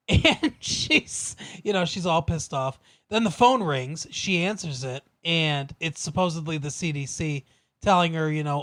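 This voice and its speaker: A man's voice: fairly high pitch, measured pace, a bit bright, no room sound. A man co-hosting a podcast, casually recapping a TV episode with lots of fillers and laughs. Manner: rambling, laughs often, many fillers. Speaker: podcast co-host.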